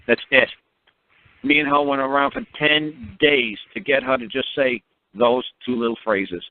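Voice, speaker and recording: Male radio talker, mid-pitched, blunt and emphatic, laughs at his own stories, heard over a tinny phone line. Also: fairly even intonation, measured pace, no echo. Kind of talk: animated monologue on a call-in radio show.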